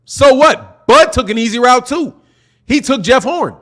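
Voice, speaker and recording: A man with a very high, lively voice that swings up and down as he rants. He speaks, argumentative and profane. He hammers his points home by repeating them. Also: a little slow. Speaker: boxing channel host. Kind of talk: heated opinion rant.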